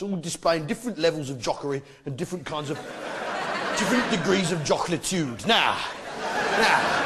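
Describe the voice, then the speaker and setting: A man doing a stand-up routine, mocking and playful, recorded live before an audience. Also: sits high. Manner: mocking, shouts comic impressions. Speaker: stand-up comedian. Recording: live club with crowd and noise. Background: audience laughter.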